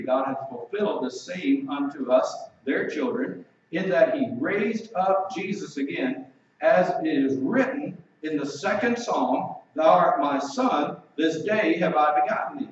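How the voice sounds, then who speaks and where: A man preaching a sermon emphatically, slowing down to read scripture aloud. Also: mid-range voice, a little mellow. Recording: echoey, distant, dull recording.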